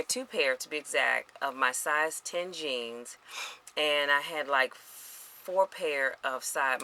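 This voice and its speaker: A middle-aged woman vlogger talks straight to her viewers in an animated, chatty way, calling them y'all and you guys. Her voice sits low for a woman but has a bright, forceful edge. There is a faint hiss behind her. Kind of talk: casual chat to camera.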